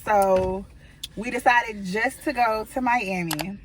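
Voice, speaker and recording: A woman's voice: medium pitch, slow, slight background noise, rough recording. A woman in her twenties from Maryland, hosting a casual storytime vlog from a parked car, rambling with lots of fillers. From Maryland, USA. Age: 20s. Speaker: vlogger host.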